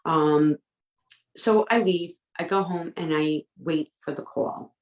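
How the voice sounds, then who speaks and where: Low-voiced woman in an echoey room. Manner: emotional, halting retelling with quoted dialogue. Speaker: guest. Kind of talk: personal storytelling.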